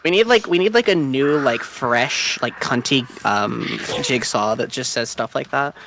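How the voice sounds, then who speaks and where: A young woman streaming a game, chatting casually and swinging between loud outbursts and quiet mumbles. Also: very deep voice, lively intonation, a little slow, noisy background. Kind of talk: casual chat while gaming.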